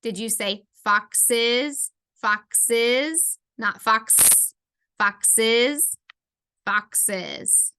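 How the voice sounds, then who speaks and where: Slow, bright-voiced woman teaching phonics. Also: a little high, smooth. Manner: slow, sounding out words letter by letter. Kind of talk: phonics lesson for children.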